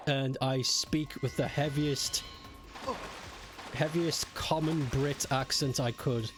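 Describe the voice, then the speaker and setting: A man's voice: mid-range voice, fairly even intonation, takes it slowly. A young British man streaming a game, chatting with viewers, joking and swearing casually. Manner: chatty, swearing, laughing with chat. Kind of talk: casual gameplay commentary. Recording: game music behind. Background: game music.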